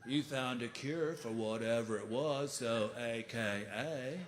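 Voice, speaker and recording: A man's voice: medium pitch, pitched below the performer's own voice, lightly acted. A man doing a smug laid-back stoner kid. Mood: smug mellow. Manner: slow, smug, drawling. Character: laid-back young male pothead clerk. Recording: live hall reverb with noise.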